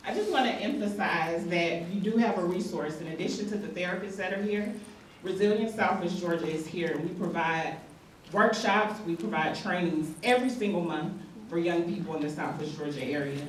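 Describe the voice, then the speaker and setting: A woman's voice: on the low side, a little fast, slight background noise. Woman addressing a crowd, echoey. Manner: encouraging, emphatic. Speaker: community organization speaker. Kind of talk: public address at community event. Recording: very echoey hall, distant mic.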